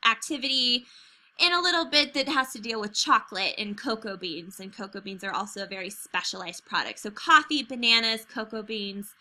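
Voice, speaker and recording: A woman's voice: a little high, expressive, fairly quick, sharp tone. An American woman teacher giving a chatty recorded video lesson over slides, checking in with "okay?" and "right?" as she goes.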